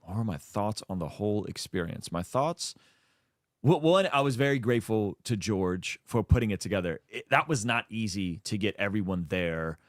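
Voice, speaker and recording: A man's voice: on the low side, animated, moderate pace, dry recording, clean studio sound. A man speaking as a guest in a casual chat, earnest and reflective, choosing his words with care.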